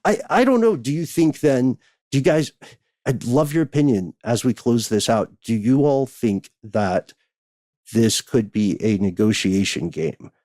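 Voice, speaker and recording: A man's voice: mid-range voice, expressive, a little slow, dark tone, dry recording, clean studio sound. An American man co-hosting a podcast, reading listener mail in casual banter with wry asides. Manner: chatty, wry, thinks aloud with asides.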